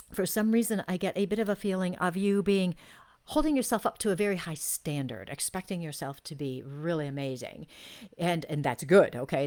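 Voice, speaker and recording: A woman with a slightly low voice hosts a live soul reading. She gushes over her viewers, repeating her praise. When she tunes in, her phrases stretch out slowly. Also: a little mellow. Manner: effusive and gushing, repeating praise; slow, drawn-out phrases while sensing. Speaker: intuitive reader and show host.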